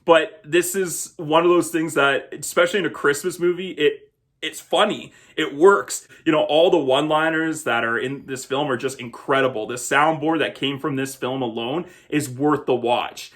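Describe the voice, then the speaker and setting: A man's voice: fairly high pitch, moderate pace, fairly bright tone. A man hosting a film review show, talking casually and conversationally about a movie. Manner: chatty, conversational, laughs now and then.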